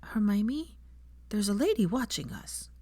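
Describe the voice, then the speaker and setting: A woman voicing an eager, chatty six-year-old boy in an audiobook reading, with gushing, rushed questions. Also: mid-range voice, wildly swooping pitch, darkish tone, husky, no room sound, pitched above the performer's own voice, full character voice. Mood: hushed. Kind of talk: audiobook character voice.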